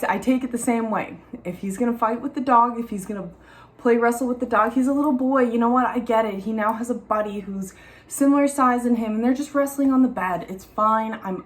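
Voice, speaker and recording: A young woman, a mother, talking candidly and casually to camera at home in a chatty, animated way. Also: a little high. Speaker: mom vlogger. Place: at home, in the garden.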